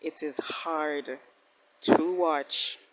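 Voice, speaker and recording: A woman hosting a reaction video, giving casual commentary in an excitable way, laughing often and talking back at the screen. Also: low-pitched, very slow, low-quality recording.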